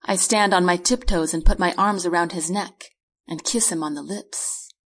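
A woman reading her own novel aloud as a measured first-person audiobook narration. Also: fairly low pitch, a bit bright. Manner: measured storytelling read.

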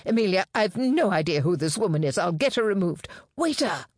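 A woman reading an audiobook, voicing a man, a fiancé who talks earnestly and turns shrill and snappish when challenged. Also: expressive, moderate pace, gravelly, dry recording, studio quality. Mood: earnest, indignant. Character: pompous, indignant fiancé, a man.

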